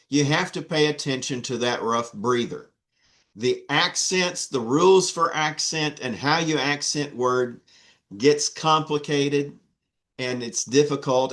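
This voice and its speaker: Male instructor, unhurried and halting, drilling students on letters. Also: mid-range voice, a bit bright. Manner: slow, patient, with many fillers and restarts. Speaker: Greek instructor. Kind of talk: online class teaching.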